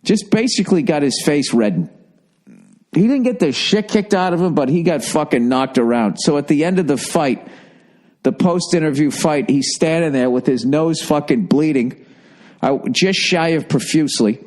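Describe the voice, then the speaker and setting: A man's voice: fairly high pitch, expressive, moderate pace, a little mellow. Male podcast host, 40s, casual comedic monologue, profane and rambling.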